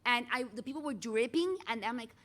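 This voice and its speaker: A middle-aged woman teacher giving a chatty, animated lecture in a classroom and calling on students by name. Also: on the high side, brisk.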